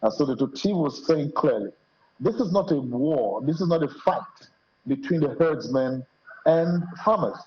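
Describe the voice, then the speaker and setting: A man's voice: a little high, animated, moderate pace, slightly rough, highs cut off. A man with a Nigerian accent, a guest analyst on a TV panel, speaking with passionate, rising rhetorical emphasis. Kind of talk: TV panel discussion.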